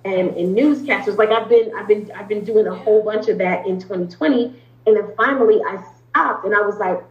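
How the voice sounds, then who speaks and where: A woman's voice: mid-range voice, a little fast. A woman therapist speaking as an interview guest, explaining earnestly at length with frequent ums and restarts. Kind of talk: conversational interview talk. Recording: roomy, slightly dull sound.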